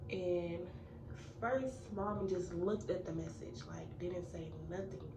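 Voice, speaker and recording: An eighteen-year-old woman tells a casual storytime, chatting freely with lots of fillers and talking right at her viewers. Her voice sits some way from the mic and bounces around a bare, echoey room. A steady hiss of noise runs under everything. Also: medium pitch, a little slow, far from the mic. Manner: chatty, filler-heavy, addresses viewers as y'all. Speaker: vlogger.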